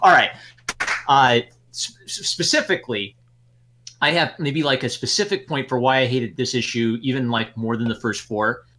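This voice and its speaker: A man hosting a podcast, chatting casually with animated, exasperated ranting. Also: mid-range voice, normal speed. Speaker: podcast host. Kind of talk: casual chat.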